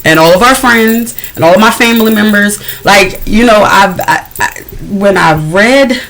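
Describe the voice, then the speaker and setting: A woman's voice: medium pitch, moderate pace, fairly bright tone, poor audio. A woman singer-songwriter guesting on a podcast, telling her story frankly and animatedly, with slang. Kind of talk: candid podcast conversation.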